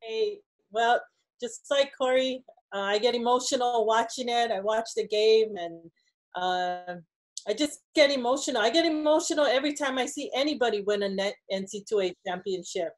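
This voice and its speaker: A woman's voice: on the high side, normal speed. A woman, a former player, speaking in a heartfelt, thankful way.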